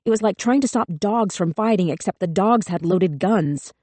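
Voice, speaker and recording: Measured, grave woman narrator with a darker tone, dry close studio sound. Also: medium pitch, lively intonation, darkish tone, dry recording. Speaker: audiobook narrator. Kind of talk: scripted narration.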